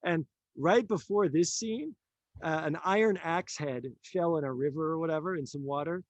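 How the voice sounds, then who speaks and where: A man telling a story in a casual conversation, animated, acting out the lines of the people in it and laughing often. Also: fairly high pitch, normal speed, no room sound. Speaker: author and teacher.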